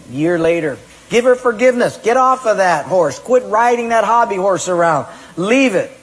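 A pastor preaching a sermon, emphatic, acting out people's excuses in a raised voice. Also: male voice, high-pitched, animated, normal speed, hardly any pauses, a bit bright, husky, in a large hall, rough recording.

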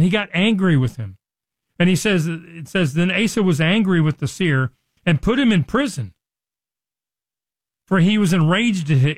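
A man's voice: fairly high pitch, no echo. A man teaching a sermon on a Christian radio show, earnest and conversational, now and then acting out the people in the story. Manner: earnest, acts out quoted speech with rising emphasis.

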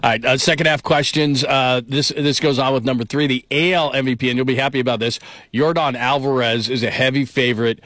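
A man hosting a casual sports talk show, running through lists of players in a relaxed way and ribbing his co-host. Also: medium pitch, a little fast, no echo.

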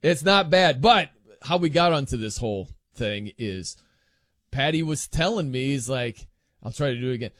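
A man's voice: medium pitch, lively intonation, moderate pace, a bit bright, no room sound, clean studio sound. A man hosting a casual sports talk show, rambling and jokey.

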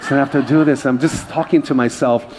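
A man's voice: medium pitch, fairly even intonation, brisk, heavy background noise. A male pastor preaching a conversational sermon, mixing humor and personal stories and calling out to the congregation. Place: church service.

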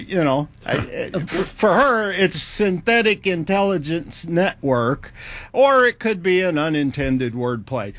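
A man's voice: fairly high pitch, a bit bright, dry recording. A man hosting a talk show, wry and teasing, often chuckling between remarks. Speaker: host.

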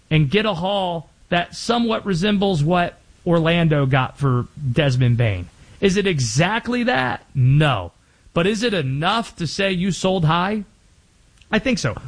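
A man hosting sports talk radio, energetic and opinionated, talking in quick bursts. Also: a little high.

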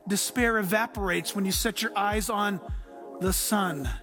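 A man preaching a sermon as pastor, telling stories in a lively way and laughing often. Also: high-pitched, a little slow, over music.

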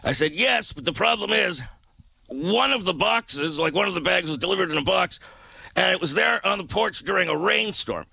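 Male radio DJ, high and crackly, bright, dry studio sound, animated ranter. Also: normal speed, gravelly, breathy edge, no echo. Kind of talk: casual radio talk.

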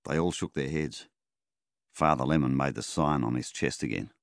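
A man narrating an audiobook in a measured, plain way. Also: a bass voice, gravelly, no echo, clean studio sound. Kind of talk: scripted narration.

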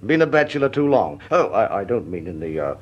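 Casting: attore per un anziano dirigente britannico, impacciato e cordiale, voce un po' roca, stile radiodramma d'epoca. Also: male voice, fairly low pitch, sing-song, fairly quick. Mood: genial. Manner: bumbling, flustered, hesitant. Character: genial blustering older male company chairman. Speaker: actor in radio drama. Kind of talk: vintage radio drama acting. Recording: dull lo-fi old radio recording.

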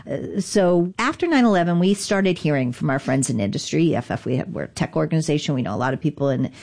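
A woman's voice: low-pitched, expressive, fast talker, gravelly, darkish tone. A woman guest in an interview, candidly recounting events in a wry, conversational way. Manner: candid, wry, self-deprecating. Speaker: interview guest, digital rights advocate. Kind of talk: conversational storytelling.

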